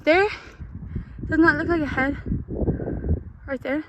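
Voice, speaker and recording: A woman's voice: high voice, steady tone, slow pace, highs cut off, background noise. A young Irish woman vlogging outdoors, chatty and exclamatory, with slangy asides, talking into a phone held at arm's length. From Ireland. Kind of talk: casual outdoor vlog chat. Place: outdoors on coastal cliffs and hills.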